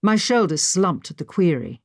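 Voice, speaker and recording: Expressive woman audiobook narrator. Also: fairly low pitch, normal speed, no room sound, studio quality. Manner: expressive storytelling. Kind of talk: scripted first-person audiobook narration. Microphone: studio microphone.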